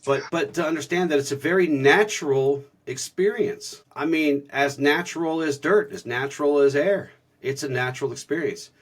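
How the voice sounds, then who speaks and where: His voice is on the high side with a breathy edge, and he speaks at a moderate pace. As co-host of a spiritual podcast, he tells stories casually, earnestly and reflectively, often restarting sentences.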